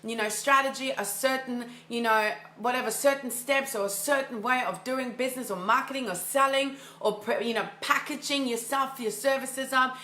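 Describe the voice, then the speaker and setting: Here a mindset coach speaks in a high, steady, sharp-toned voice at a moderate pace with few pauses, the sound roomy around her. She keeps things casual and enthusiastic, leaning on fillers and repeating phrases to drive points home in her motivational talk.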